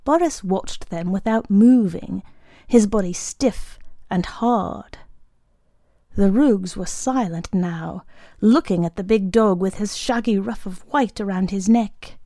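A woman reading a story aloud as narrator, in a calm, measured way. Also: mid-range voice, dry recording, clean studio sound.

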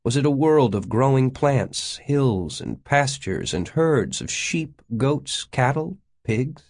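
A man narrating an audiobook in a measured, expressive reading style. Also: medium pitch.

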